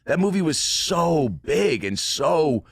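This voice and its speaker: A man's voice: fairly high pitch, big pitch swings, slow pace, gravelly, dry recording, studio quality. A man in his thirties, a comedian guest on a podcast, telling a rambling, profane story in casual chat. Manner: rambling storyteller, swears, laughs often.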